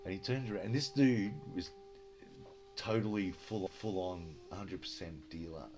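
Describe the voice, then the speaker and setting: Deep Australian male storyteller, casual and sweary, plays every part in his anecdotes, music under. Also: unhurried, darkish tone. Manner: rambling, swears freely, acts out quoted dialogue. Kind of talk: casual yarn-telling.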